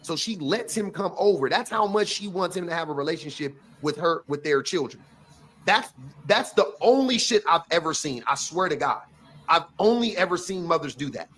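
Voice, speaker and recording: Guy ranting over a clip, slightly high voice, cusses, keeps restarting. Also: moderate pace. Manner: blunt, profane, animated, restarts a lot. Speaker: commentator reacting to a clip. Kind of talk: casual reaction commentary.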